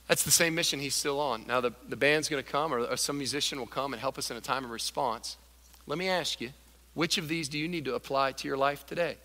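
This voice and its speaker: A man preaching a sermon as pastor, animated, acting out the voices of Bible characters and a grumbling crowd. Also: mid-range voice, fast talker, in a large hall.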